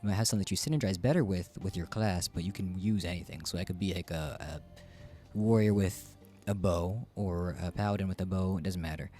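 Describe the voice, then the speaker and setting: A man's voice: low-pitched, brisk, mellow, soft background music. A man casually chatting through a game he is streaming, rambling and joking about himself. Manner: chatty, rambling, self-deprecating. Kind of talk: casual gameplay commentary.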